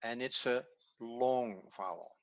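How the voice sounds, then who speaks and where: A man explaining a Hebrew grammar point slowly and carefully, as if over a video call. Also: mid-range voice, no room sound, lo-fi sound. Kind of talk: online language lesson.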